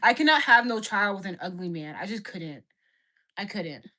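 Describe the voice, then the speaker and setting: A woman's voice: mid-range voice, animated, moderate pace, sharp tone. A woman in her twenties chatting casually on a livestream, frank and blunt, laughing often and talking in slang. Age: 20s.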